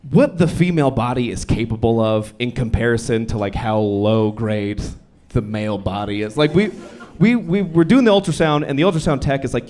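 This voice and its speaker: A young man performing a stand-up set on a comedy club stage, with a deadpan, self-deprecating delivery. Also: medium pitch, a little fast. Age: young adult.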